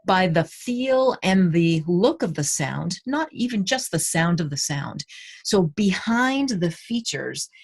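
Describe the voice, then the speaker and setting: A woman literacy educator giving a recorded conference presentation, explaining and guiding listeners through speech-sound exercises. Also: fairly low pitch.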